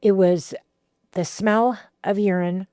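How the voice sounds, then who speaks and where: A woman, telling her recovery story in a halting way with repeated words and fillers. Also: mid-range voice, fairly even intonation, mellow, dry recording, clean studio sound. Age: 60s. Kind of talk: heartfelt personal testimony.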